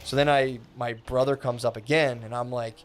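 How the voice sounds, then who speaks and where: A young man telling a long story in a loose, rambling way, full of filler words and swearing, acting out the people he quotes with sudden jumps in pitch. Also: steady tone, normal speed, faint music behind. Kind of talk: casual storytelling.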